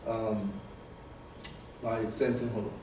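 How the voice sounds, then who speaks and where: A man giving a live talk to an audience, animated and often repeating words as he searches for terms. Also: lowish voice, slow pace, a little hiss or hum. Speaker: presenter. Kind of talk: live lecture with audience questions. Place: meeting room with an audience. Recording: very echoey room from far off.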